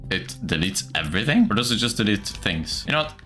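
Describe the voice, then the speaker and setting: A man streaming a game in casual commentary, excitable, swearing often and laughing a lot. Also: on the low side, brisk. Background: game music.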